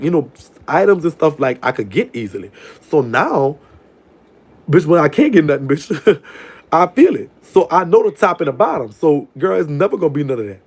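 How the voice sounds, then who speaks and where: Sassy new guy hosting a call-in, talks real quick, laughs a lot, calls everyone girl. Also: on the high side, a little mellow, slightly rough. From New Orleans, USA. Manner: sassy and playful, laughs often, calls people girl and baby. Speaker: call-in show host. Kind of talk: casual live call-in chat.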